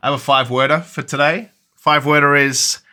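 A man's voice: a little high, steady tone, a little fast, sharp tone. A man co-hosting a casual sports podcast, upbeat and playful. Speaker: podcast co-host.

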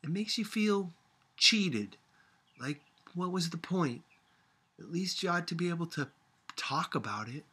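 A man's voice: fairly high pitch, expressive, unhurried, long pauses, sharp tone, slightly rough, voice pushed up, heavily acted. A man reading as a wistful, prickly old grandmother.

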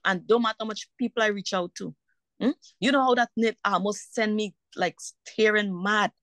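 A woman's voice: medium pitch, moderate pace, a bit bright, no echo. A woman speaks with mounting indignation about her custody fight, circling back to her points again and again. Her voice sits in a middle register and is recorded dry and close. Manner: heated, repetitive, indignant. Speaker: mother in a custody dispute. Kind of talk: emotional personal account.

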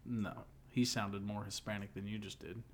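A man's voice: lowish voice, fairly even intonation, moderate pace, a little hiss or hum. A young man co-hosting a podcast, chatting casually and joking as he retells a comedy bit. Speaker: podcast co-host. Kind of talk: casual chat.

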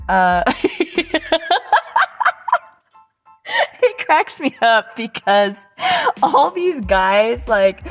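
Woman in her thirties, podcast host; slow, gravelly, rambling casual storyteller who laughs a lot. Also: fairly high pitch. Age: 30s. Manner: chatty, rambling, laughs often.

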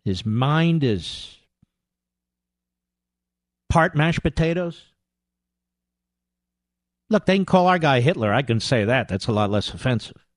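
A man's voice: mid-range voice, expressive, slow pace, long pauses, no echo, clean studio sound. A man hosting a political talk radio show, combative and sarcastic, mocking his targets as he talks.

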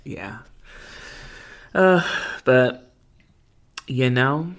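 A woman's voice: a bass voice, expressive, extremely slow. A woman co-hosting a casual recap chat, with lots of fillers and frequent laughs. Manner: filler-heavy, laughs often. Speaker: podcast co-host.

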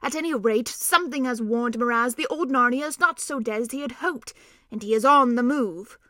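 A woman's voice: a little high, moderate pace, pushed and bright, no echo, clean studio sound. A woman voicing an earnest, learned old male doctor who explains plans in an urgent way.

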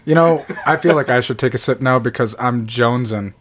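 A man's voice: medium pitch, fairly quick, a bit bright. A man who is a guest on a casual podcast, cracking jokes and teasing the host. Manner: wisecracking, teasing. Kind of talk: casual banter.

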